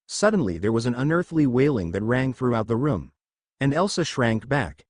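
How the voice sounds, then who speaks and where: A male storyteller reads fan fiction aloud with a lively, expressive delivery. His pitch rises and falls freely through the narration. The recording is close and dry, with no room sound. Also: moderate pace, no room sound.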